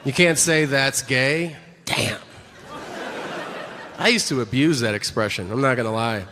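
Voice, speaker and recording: A man doing stand-up on a theater stage, telling his bits in a dry, conversational way and flipping into quick voices for other people. His voice sits at an ordinary pitch and carries into a long-reverb hall. There is a light background hiss. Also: bright, forceful tone, some chatter behind. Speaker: stand-up comedian. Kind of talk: stand-up comedy set. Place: theater stage before an audience.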